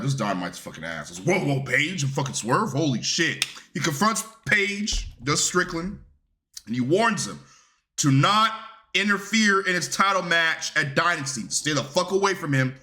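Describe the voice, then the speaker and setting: Male wrestling reviewer, casual recap rant, blunt and profane, bright tense voice, slightly high register.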